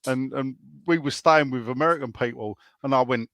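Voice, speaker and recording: A man's voice: mid-range voice, brisk, few pauses, fairly bright tone, dry recording. A man with a Cockney accent, a guest telling rambling, laughing stories in casual chat, with many restarts. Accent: London Cockney. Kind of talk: casual podcast chat, storytelling.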